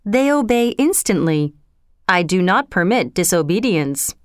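A woman's voice: lowish voice, sing-song, unhurried, dry recording, clean studio sound. A woman voicing a proud old king on a tiny planet, speaking in a stern, commanding way.

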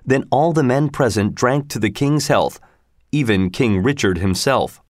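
A man narrating a storybook in a steady, measured way. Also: medium pitch, no echo, studio quality.

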